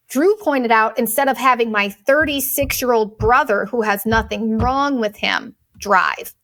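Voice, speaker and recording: A woman in her thirties hosting a podcast, telling a story in a blunt, profane, fast-moving monologue. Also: a little high, fairly bright tone. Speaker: podcast host. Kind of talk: casual venting monologue.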